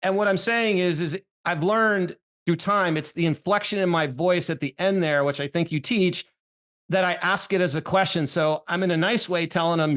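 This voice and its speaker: A man with a fairly high voice hosts an interview. He tells stories from his own experience and builds long, winding questions. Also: moderate pace, fairly bright tone. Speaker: interview host. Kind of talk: conversational interview.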